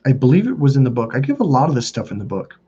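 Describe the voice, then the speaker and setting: A man's voice: mid-range voice, very animated, rapid-fire, dark tone, breathy edge, lo-fi sound. A man working as a dating coach, telling stories in a rambling, profane monologue full of filler words. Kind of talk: casual storytelling monologue.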